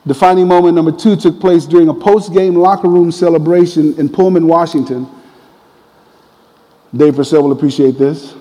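A man preaching a sermon, telling a personal story in a conversational, animated way. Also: on the high side, normal speed, long reverb tail, rough recording. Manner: conversational, animated retelling with quoted voices.

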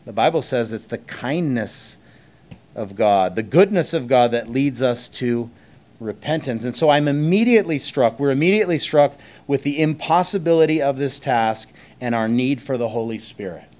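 A man delivering a sermon as a pastor, preaching conversationally with rhetorical questions and emphatic pauses between short phrases. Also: mid-range voice, a little mellow.

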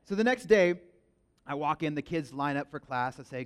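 A pastor giving a sermon, telling stories in an animated, emphatic way. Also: male voice, fairly high pitch, a little fast. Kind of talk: sermon with storytelling.

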